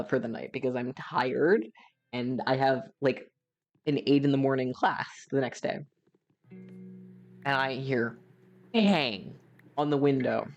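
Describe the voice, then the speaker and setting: A young adult from Canada, a gaming streamer chatting and telling a rambling story while playing. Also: medium pitch. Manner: chatty, rambling, with frequent fillers.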